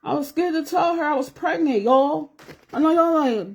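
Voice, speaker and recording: A woman's voice: sits high, normal speed. A woman in her forties chatting candidly to viewers on a livestream while doing her nails. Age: 40s. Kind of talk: casual chat on a livestream.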